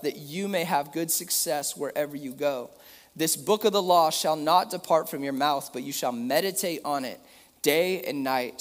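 A man's voice: a little high, long reverb tail. A young man preaching a sermon in a casual, talky way, reading scripture passages aloud with emphasis.

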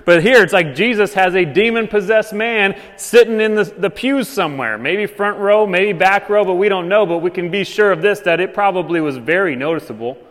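A man's voice: high voice, normal speed, hardly any pauses, a bit bright. A man preaching a sermon as pastor, in a loose, conversational way with many fillers. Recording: long reverb of a church hall.

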